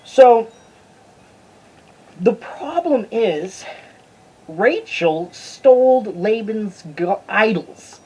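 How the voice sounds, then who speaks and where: A Bible study teacher giving a casual, informal lesson, chatty and stumbling over hard names, with a husky voice. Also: medium pitch, expressive, very slow, long pauses, a little mellow, poor audio.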